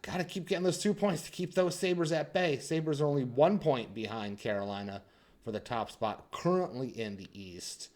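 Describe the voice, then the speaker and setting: A young man hosting a hockey channel, giving casual sports commentary and teasing his viewers, swinging between loud hype and quiet asides. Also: mid-range voice, normal speed.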